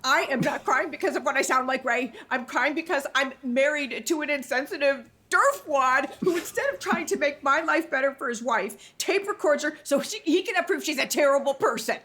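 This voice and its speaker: Brief: an exasperated sitcom wife, sarcastic and scolding, high lively bright voice, sitcom table read. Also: female voice. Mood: indignant. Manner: scolding, sarcastic, quick retorts. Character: exasperated wife fed up with her husband. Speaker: actor in a reunion table read. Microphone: video call.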